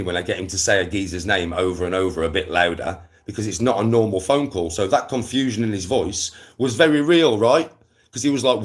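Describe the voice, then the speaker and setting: A young man with a lowish voice rants to his live-stream viewers. He is animated and slangy, swearing freely as he chats. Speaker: livestreamer.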